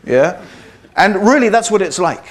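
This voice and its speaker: A British man with an upper-middle-class accent speaks in a fairly high register to a live audience. His lecture is loose and chatty, full of wry asides and frequent "okay?" check-ins. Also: lively intonation, unhurried. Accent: British upper-middle-class English. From Britain. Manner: wry, teasing humor. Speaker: speaker giving a public lecture. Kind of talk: public talk to a live audience.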